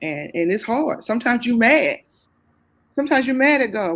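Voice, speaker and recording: Pitched on the high side and a bit bright, this Southern US woman is very animated at a moderate pace. As a guest she openly tells her life story in conversation, full of faith and repeating phrases for emphasis.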